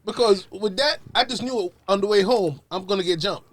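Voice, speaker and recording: A man co-hosting a casual podcast chat, telling stories in an expressive, emphatic way. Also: sits high, normal speed, no echo. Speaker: podcast co-host.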